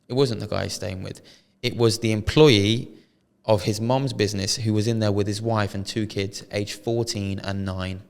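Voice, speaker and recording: Gravelly British man telling a story. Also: lowish voice, moderate pace, few pauses, big-room sound. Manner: animated storytelling with slang and swearing. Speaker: podcast co-host. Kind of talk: casual chat.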